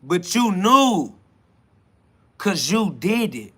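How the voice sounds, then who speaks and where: A man hosting his own podcast, talking freely in a rambling spiritual monologue. He keeps saying "you feel me", laughs often, and swings between loud and hushed. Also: high voice, sing-song, extremely slow, slightly rough. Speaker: podcast host.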